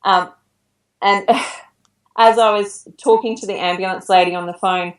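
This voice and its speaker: A woman in her thirties recounts a personal ordeal on a podcast, chatty and quick to laugh. She sits back from the microphone, and her voice carries a roomy echo. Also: mid-range voice, steady tone, recorded from a distance. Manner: chatty, laughs while telling a frightening story. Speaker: podcast guest. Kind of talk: personal story in an interview.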